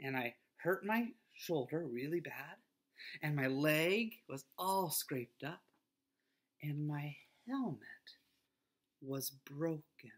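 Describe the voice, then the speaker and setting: Gentle, earnest man giving a children's devotion. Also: a little high, animated, takes it slowly. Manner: gentle, earnest, often dropping to a soft near-whisper. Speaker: school pastor.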